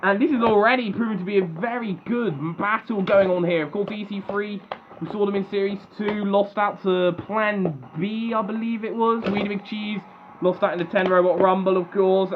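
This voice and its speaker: A young man doing excitable play-by-play commentary on a robot combat match, animated and chatty. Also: sits high, normal speed, lo-fi sound, over music.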